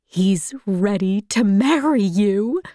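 A woman's voice: medium pitch, expressive, slow, mellow, no echo, studio quality. A woman voicing a fussy, meddling middle-aged aunt with a reproachful manner.

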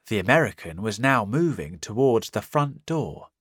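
A man narrating a simplified storybook in a slow, clear, careful reading. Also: lowish voice, sing-song, fairly bright tone, no echo, studio quality. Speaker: audiobook narrator. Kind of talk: scripted narration of a simplified reader.

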